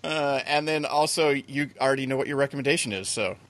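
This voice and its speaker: A man's voice: mid-range voice, quick pace, a bit bright, no echo. A man hosting a podcast in casual chat, laughing often while he teases his guests. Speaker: podcast host.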